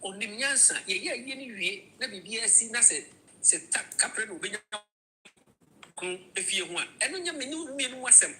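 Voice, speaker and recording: A woman's voice: a little high, animated, normal speed, bright, forceful tone, a little hiss or hum, poor audio. A woman with a Ghanaian accent, switching between Twi and English in a heated, swearing opinion rant.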